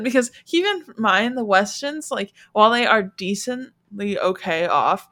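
Woman podcast co-host, bright tone, lively casual book chat. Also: mid-range voice. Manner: animated, acts out characters in quick voices.

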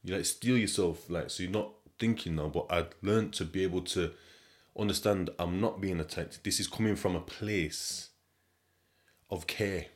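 Deep-voiced male podcast host, casual slangy storyteller, animated, loud and quiet by turns. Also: moderate pace. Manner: animated, slangy, repeats himself, swings between loud and quiet.

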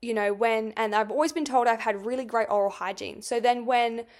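A woman's voice: a little high, brisk. A young woman hosting a podcast, telling a personal story in a casual, rambling way, swearing often and filling with "like". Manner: chatty, swears a lot, fills with "like". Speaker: podcast host.

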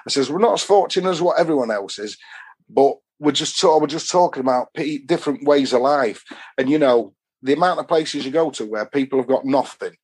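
Man, Yorkshire accent, middle-aged, husky, rambling storyteller, casual podcast guest. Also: medium pitch, a little fast. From Doncaster, England. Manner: rambling anecdotes with dialect phrasing.

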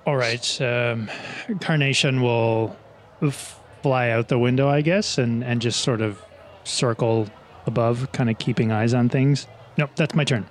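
A man's voice: mid-range voice, steady tone, a little slow, a little hiss or hum. A man playing a tabletop game, thinking his moves through aloud and checking the rules. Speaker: player. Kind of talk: describing his characters' actions.

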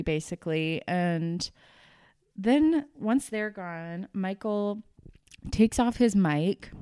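A woman's voice: mid-range voice, darkish tone, smooth, no echo, studio quality. A woman casually recapping reality TV episodes in a gossipy, exasperated way. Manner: gossipy, exasperated storytelling with laughs. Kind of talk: casual chat.

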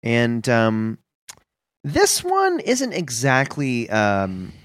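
A man co-hosting a podcast in casual comedic chat, talking deadpan and mock-earnest with halting starts. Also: medium pitch, dry recording. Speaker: podcast co-host.

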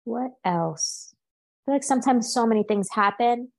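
A woman's voice: on the high side, expressive, normal speed, creaky. A woman co-hosting a casual pop culture podcast, chatting loosely, laughing often and slipping into mock voices when she quotes people. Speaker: podcast co-host. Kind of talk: casual chat.

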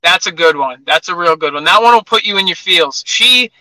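A man's voice: sits high, animated, brisk, bright, forceful tone, dry recording, low-quality recording. A young man chatting casually as an interview guest, telling stories with lots of "like". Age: young adult. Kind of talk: casual chat.

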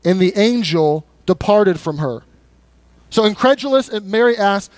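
A male pastor preaching a sermon in a church in a conversational, animated way, often repeating words as he goes. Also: high-pitched, a little slow, no room sound. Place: church sanctuary.

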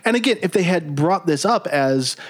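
A man with a somewhat high-pitched voice trades casual podcast banter. His remarks are sarcastic and joking as he riffs on a show's plot with his co-host. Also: animated, normal speed, slightly rough. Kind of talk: casual chat, comedic commentary.

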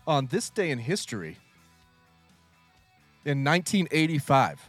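A man hosting a podcast in casual chat, lively and laughing as he reads out trivia. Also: a little high, measured pace, pauses often, slightly rough, dry recording, faint music behind. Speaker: podcast host.

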